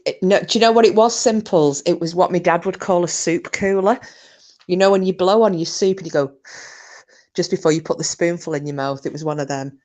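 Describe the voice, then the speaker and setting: A woman's voice: fairly low pitch, a little mellow. A British woman hosting a casual livestream, telling rambling stories and breaking into giggles while reading out comments. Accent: British English. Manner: giggly, rambling storyteller who breaks into laughter. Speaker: livestream host.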